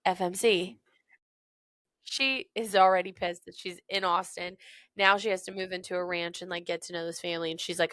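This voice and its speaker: A woman's voice: on the low side, steady tone, moderate pace, a bit bright, no room sound. A woman co-hosting a casual book podcast, retelling scenes animatedly, acting out quotes and laughing often. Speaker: podcast co-host. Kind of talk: casual book-discussion chat.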